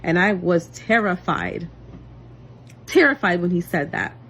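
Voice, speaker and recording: A young adult woman giving an emotional personal testimony to camera, earnest and intense, swinging between loud outbursts and quiet low passages. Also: very animated, unhurried, slight background noise. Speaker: vlogger and single mother.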